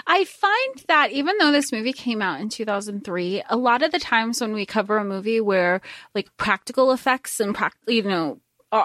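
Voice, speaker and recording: A woman's voice: mid-range voice, fairly bright tone, no echo, studio quality. A young adult woman co-hosting a podcast, talking through a film in a conversational way. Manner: conversational, laughs between points. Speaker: podcast co-host. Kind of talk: casual film recap chat.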